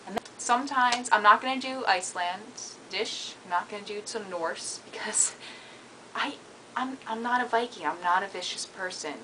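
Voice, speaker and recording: An American woman with a Mid-Atlantic accent, chatting casually to camera. She is giggly and self-deprecating, with a bright, crisp tone and a slightly low voice. A faint hiss sits under the recording. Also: poor audio. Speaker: vlogger.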